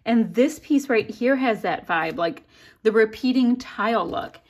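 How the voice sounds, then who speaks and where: A woman hosting a crafting channel, chatting casually and excitedly through an unboxing. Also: on the high side, unhurried. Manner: chatty, bubbly, easily delighted.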